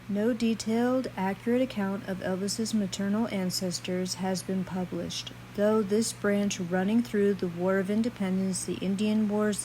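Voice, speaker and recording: A woman host reading a scripted narration in a monotone way. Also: mid-range voice, slight background noise, low-quality recording.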